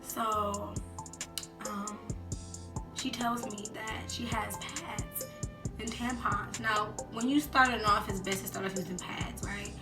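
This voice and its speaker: A young woman chatting casually in a storytime vlog, acting out quotes in lively voices. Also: medium pitch, slow. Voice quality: animated, acts out quotes in voices. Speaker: vlogger. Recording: roomy echo with background music.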